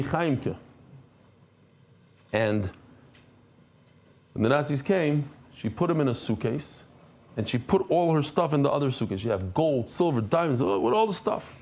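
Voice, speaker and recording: Speaking at a medium pitch, a man gives a daily Talmud lesson in which he reads the Aramaic, explains it in English, and switches to a softer storytelling voice.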